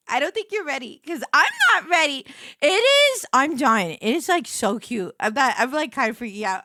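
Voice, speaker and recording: A woman streamer with a high, bright voice talks casually on a live stream. She swoops all over her range as she gushes and thanks her viewers effusively. The sound is close and dry. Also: very animated, moderate pace, no echo.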